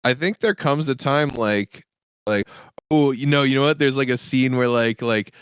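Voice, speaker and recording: A man's voice: medium pitch, moderate pace, smooth, dry recording. A man co-hosting a casual story-building chat, giggling and filling with "like". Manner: giggly, filler-heavy. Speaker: co-host.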